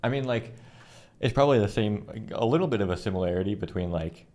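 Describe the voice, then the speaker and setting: A man's voice: fairly low pitch, animated, quick pace, a little mellow. A young man with a Minnesota accent, co-hosting a reaction video in a laid-back, agreeable way. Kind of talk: casual chat.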